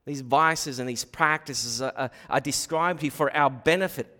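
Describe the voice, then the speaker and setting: A middle-aged man preaching a sermon as pastor, shifting between quiet asides and emphatic points. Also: on the high side, expressive, unhurried, few pauses. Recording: long hall reverb.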